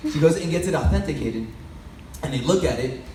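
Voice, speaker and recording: In an echoey hall picked up by a distant mic with slight background noise, a man addresses an audience with a casual, sermon-style story and regularly questions the crowd. His voice is on the high side, brisk and a little mellow, with lively intonation.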